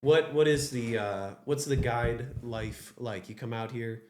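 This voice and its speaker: A man's voice: mid-range voice, measured pace, a little hiss or hum. A man hosting a casual podcast interview in a house, asking teasing, joking questions. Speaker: podcast host. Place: a house in the countryside. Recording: roomy echo.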